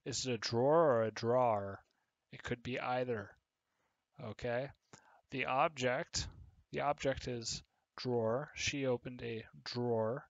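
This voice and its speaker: A man gives a recorded English lesson at a slow, unhurried pace. He explains patiently, pausing with fillers as he writes, in a dry, close-miked sound. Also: medium pitch, fairly even intonation, no echo, highs cut off. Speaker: English teacher.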